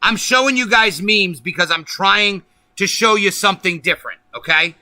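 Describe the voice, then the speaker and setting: A man's voice: high-pitched, moderate pace, sharp tone, no room sound. A man hosting a political livestream, ranting angrily and emphatically with lots of profanity. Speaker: livestream host.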